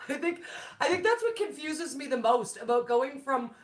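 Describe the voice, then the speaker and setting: A woman in her forties hosts a casual live-stream for her keto food channel, bubbly and laughing often as she greets viewers by name. Her high voice is very animated but slow, and the room sounds echoey.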